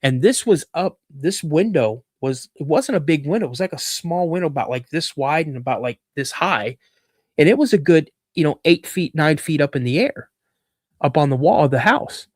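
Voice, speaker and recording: A man in his fifties telling stories as a podcast guest, animated and acting out the voices in them. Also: a little high, moderate pace, dry recording, clean studio sound. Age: 50s. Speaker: podcast guest, cryptid researcher. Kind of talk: casual storytelling.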